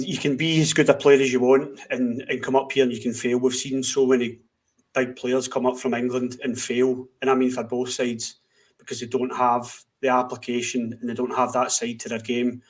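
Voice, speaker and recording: A man's voice: medium pitch, little pitch movement, moderate pace. A man co-hosting a football podcast, chatting casually and steadily about his club. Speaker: podcast co-host.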